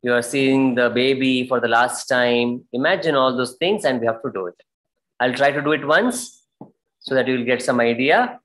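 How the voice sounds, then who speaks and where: A man's voice: medium pitch, normal speed, fairly bright tone, poor audio. A man teaching a dance workshop over a video call, patiently explaining and acting out the story. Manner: patient, explains and acts out scenes.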